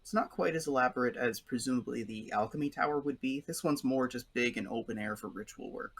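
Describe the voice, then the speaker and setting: A man's voice: mid-range voice, brisk, breathy edge. A man acting as game master, casually chatting with players and rambling through stories. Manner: rambling storyteller, acts out voices. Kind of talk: casual chat between players.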